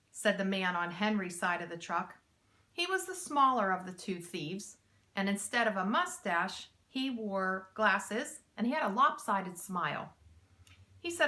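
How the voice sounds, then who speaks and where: A teacher reading a children's chapter book aloud, with slow, expressive storytelling. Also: female voice, medium pitch.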